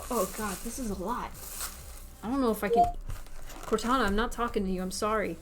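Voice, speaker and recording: A woman streamer in casual livestream chat, chatty and excitable, talking while eating. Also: mid-range voice, a little fast, background noise. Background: faint background music.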